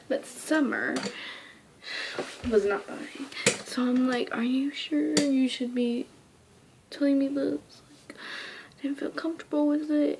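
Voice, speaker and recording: High-voiced young girl rambling a storytime. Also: creaky, a little mellow. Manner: rambling, dips into whispers and squeals when quoting. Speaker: vlogger. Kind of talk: casual storytime.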